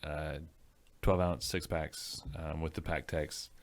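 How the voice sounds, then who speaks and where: A man, a brewery guest answering interview questions in a measured, steady way with frequent ums. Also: rumbling low.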